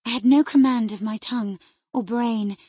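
A feverish young noblewoman, shaken and breathless, as a woman reads her in an audiobook. Her husky, breathy voice sits a little higher than the narration and slips into anxious whispers. The recording is close and dry. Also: fairly even intonation, normal speed, warm tone, no room sound. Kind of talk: audiobook character reading.

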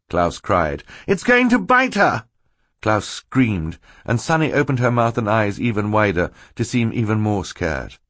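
A man's voice: lowish voice, no room sound, studio quality. A man reading a story aloud in a wry, dryly ironic way. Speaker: audiobook narrator. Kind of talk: scripted narration.

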